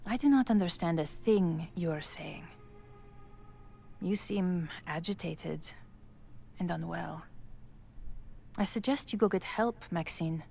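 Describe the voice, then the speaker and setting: A composed, dismissive woman in authority speaks in a video game. Her middle-aged voice is lowish and gravelly with fry, and she clips her lines short and cold. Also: takes it slowly, long pauses, darkish tone, slight background noise. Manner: curt, dismissive.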